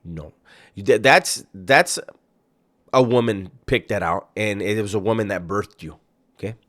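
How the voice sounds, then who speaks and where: Hosting a reaction video, this man talks casually in a mocking, incredulous tone, swearing heavily throughout his profane commentary. His voice sits on the low side, a little slow, fairly bright, with lively intonation.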